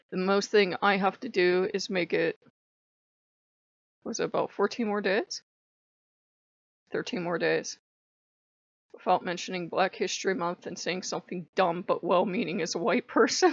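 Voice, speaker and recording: A woman's voice: medium pitch, expressive, normal speed, no room sound, lo-fi sound. A woman vlogging in a casual chat, blunt and laughing often as she swears freely, recorded on a camera's built-in mic.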